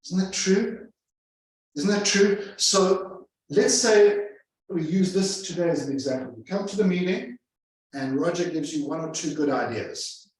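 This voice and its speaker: This sales trainer's voice is high-pitched and a bit mellow, with lively intonation and an unhurried pace. He gives an emphatic live seminar to real estate agents in a large room, repeating phrases for effect, and is heard from a distance amid echo.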